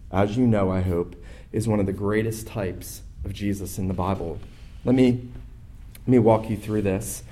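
Man preaching a sermon in rhythmic lists. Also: lowish voice. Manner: builds from quiet to loud emphatic preaching. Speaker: pastor.

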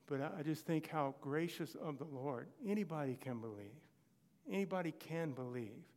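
A man's voice: a little high, animated, normal speed, darkish tone. Man preaching a sermon in a reverberant hall. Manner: storytelling, quotes characters in short exchanges.

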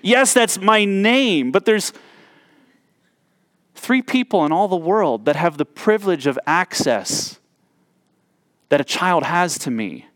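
A man's voice: high voice, expressive, slow, pauses often, fairly bright tone, no room sound, studio quality. A man in his thirties preaching a sermon as a pastor, earnest and reflective, often restarting and repeating words as he reaches for a phrase.

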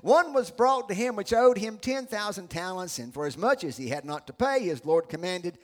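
A middle-aged pastor preaching a sermon, animated and acting out the characters he describes. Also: high-pitched, moderate pace, hardly any pauses. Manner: animated storytelling, acts out voices.

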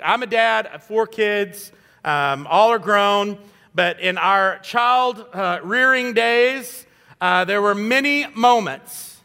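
A man in his fifties preaches a sermon as a guest pastor, with a high, bright and forceful voice. He talks in a conversational, self-deprecating way, with fillers. His voice rings with the long reverb of a church hall. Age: 50s.

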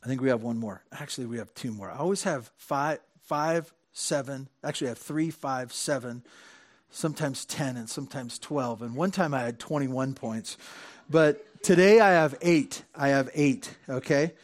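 A man preaching a conversational sermon, often repeating himself and swinging between loud questions and quiet asides. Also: medium pitch, moderate pace. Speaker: pastor.

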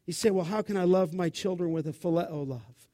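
A man preaching a sermon, with an animated, expressive delivery. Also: high voice, brisk.

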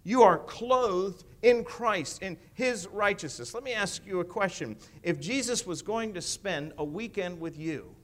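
A man preaching an expository sermon, emphatic and rising loud on key phrases, often asking his listeners questions. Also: high voice, lively intonation, unhurried, few pauses.

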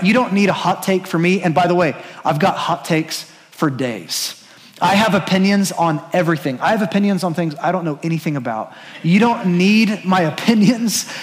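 A pastor preaching a sermon in an earnest, urging, conversational way. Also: male voice, on the high side, long reverb tail.

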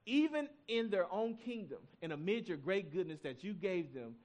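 A man's voice: sits high, expressive, moderate pace, a little mellow. A male pastor giving a sermon, reading scripture and telling stories in a conversational way, with asides to the congregation.

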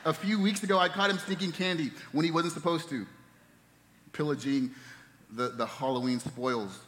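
A man in his thirties preaching a sermon as a pastor, telling stories and dropping to soft, hushed tones at tender moments. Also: a little high, moderate pace. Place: church sanctuary. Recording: long reverb of a church hall.

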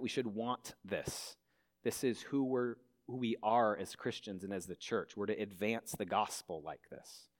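A man pastor preaching a sermon in a church, earnestly asking his listeners questions. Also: lowish voice. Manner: earnest, asks the congregation many questions. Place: church hall.

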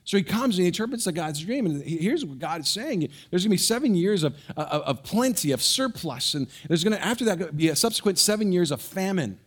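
Preaching from the pulpit, this man animates a story, then lowers his voice to a soft hush to press his point. He trips over words and restarts fast.

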